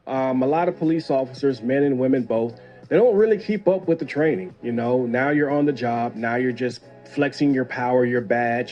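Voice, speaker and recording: Man, ex-cop host, casual opinionated chat, muted low-fi audio. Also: warm tone, highs cut off. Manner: conversational, opinionated, reads viewer email aloud. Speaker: host, former police officer. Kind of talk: casual commentary.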